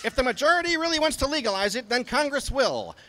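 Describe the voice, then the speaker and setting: A shrill, pompous old-time lawman lecturing in a stern, high voice, as a man mocks him. The voice is bright and lively, bouncing up and down. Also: fast talker, slight background noise, heavily acted, poor audio. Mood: mocking. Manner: high mocking put-on voice. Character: pompous old-time male drug-war official, stern.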